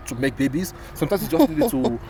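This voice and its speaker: A man co-hosting a casual talk show, animated and exclaiming, with many fillers and restarts. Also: high-pitched, fast, slight background noise. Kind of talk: casual podcast chat.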